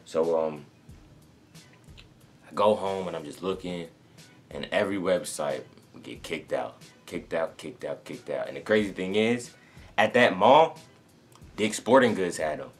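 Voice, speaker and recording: A young man from North Carolina, rambling through a casual story to camera with many fillers and restarts. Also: low voice. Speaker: sneaker vlogger.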